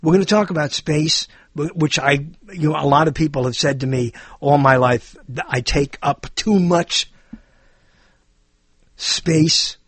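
A man's voice: fairly high pitch, unhurried, a bit bright, breathy edge, no room sound. A man hosting a talk show with a rambling, self-deprecating monologue that jumps between topics.

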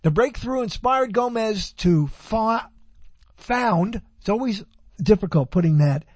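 A man's voice: high-pitched, lively intonation, unhurried, slightly rough, no room sound. A man hosting a radio talk show, chatting and reading items aloud in a rambling way, correcting himself as he goes. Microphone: handheld microphone.

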